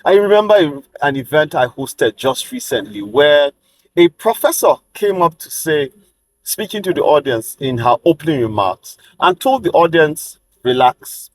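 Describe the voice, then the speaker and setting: A man with a Nigerian accent, a master of ceremonies giving emphatic, measured advice to other emcees, with deliberate pauses. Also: a little high, sing-song, dry recording, rough recording. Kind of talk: coaching talk to camera.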